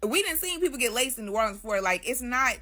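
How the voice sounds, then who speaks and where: A woman's voice: on the high side, lively intonation, fast, bright, forceful tone. A woman as a guest, casually telling her own story in loose, slangy speech and often addressing listeners as "y'all".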